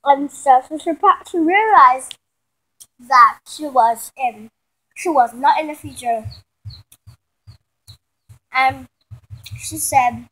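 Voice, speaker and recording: Brief: high, unhurried woman, loose rambling storyteller. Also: fairly bright tone. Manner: rambling, restarting, self-correcting. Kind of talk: improvised spoken story.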